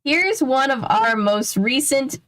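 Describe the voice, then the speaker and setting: A woman reading the part of a patient male museum professor, measured and explanatory. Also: sits high, lively intonation, fairly bright tone, pitched above the performer's own voice, full character voice.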